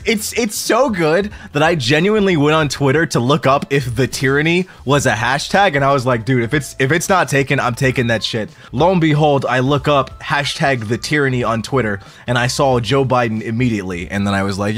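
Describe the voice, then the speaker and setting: A young man streaming, telling stories in a loose, laughing chat and breaking into high squealed impressions of friends. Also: a little fast, hardly any pauses, a bit bright. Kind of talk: casual chat to a stream audience.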